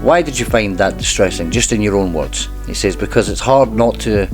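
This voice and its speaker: Low-voiced man reading testimony aloud. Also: music in the background. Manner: measured reading broken by dry wry asides. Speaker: channel host reading court testimony. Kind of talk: reading a transcript aloud with commentary.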